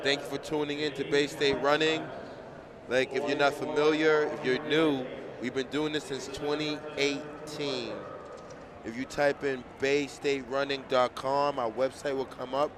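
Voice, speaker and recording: A man with a Boston accent giving casual, chatty live commentary at an outdoor track meet, calling out shout-outs to viewers. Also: fairly high pitch, noisy background. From Boston area.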